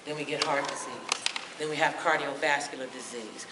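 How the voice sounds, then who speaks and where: A woman's voice: extremely low pitch, moderate pace. Sassy woman speaker in an echoey hall. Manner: sassy, lively, acts out voices. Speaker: motivational speaker. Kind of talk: humorous health talk to a live audience. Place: large hall with audience. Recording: echoey hall, mic from far off, noisy.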